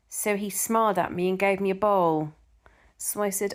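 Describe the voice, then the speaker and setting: Chatty middle-aged Englishwoman, casual vlogger, mid pitch, rambling anecdotes. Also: steady tone, moderate pace. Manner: chatty, repeats words, tells anecdotes. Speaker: vlogger reading viewer comments. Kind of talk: casual chat.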